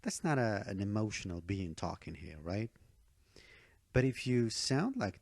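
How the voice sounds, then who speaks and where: Male test-prep teacher, low gravelly voice, emphatic, keeps checking in with the viewer. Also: big pitch swings, a little slow, no room sound, studio quality. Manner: emphatic, checks in with "okay?" and "all right?"; repeats key advice for emphasis. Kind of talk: online speaking-test tutorial.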